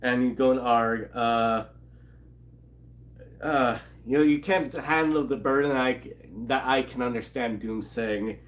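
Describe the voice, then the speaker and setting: A man at middle pitch talks through a comic book issue in a loose, rambling way. He reads lines aloud in passing and laughs between beats. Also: measured pace. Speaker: comic channel co-host. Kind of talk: casual recap of a comic.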